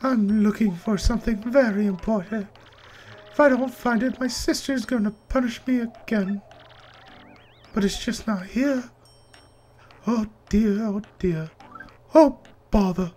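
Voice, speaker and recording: A man voicing a timid young female shadow girl who frets softly and apologizes. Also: sits high, unhurried, long pauses, slight background noise. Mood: fretful. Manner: fretful, soft, apologetic.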